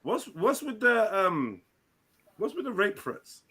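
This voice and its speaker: A man's voice: sits high, very animated, slow, sharp tone. A young man hosting a live panel, questioning a caller and calling out his remarks. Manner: challenging, questioning.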